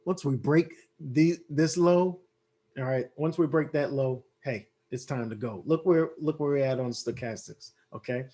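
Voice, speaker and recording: A man's voice: mid-range voice, a little slow, dark tone. A man walking viewers through trading charts in a casual way, thinking aloud with many fillers and restarts, his voice worn from losing it. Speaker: forex trading analyst.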